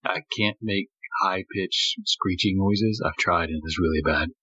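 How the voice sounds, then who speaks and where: A man's voice: sits low, a little slow, sharp tone, husky. A man, a cast member of a tabletop show, chatting in a laughing, self-deprecating way. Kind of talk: casual chat. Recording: dull lo-fi sound.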